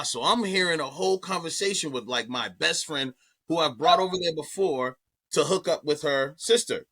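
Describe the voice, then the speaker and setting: A comedian telling a story on a podcast in an animated way, swearing freely and repeating himself. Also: male voice, fairly high pitch, moderate pace, husky, no room sound. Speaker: comedian guest.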